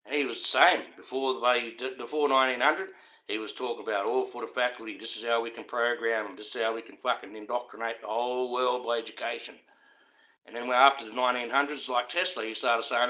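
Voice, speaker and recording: A man's voice: mid-range voice, steady tone, quick pace, bright, forceful tone, low-quality recording. An Australian man ranting on a live stream in a casual, profane, conspiratorial monologue, often breaking into laughter.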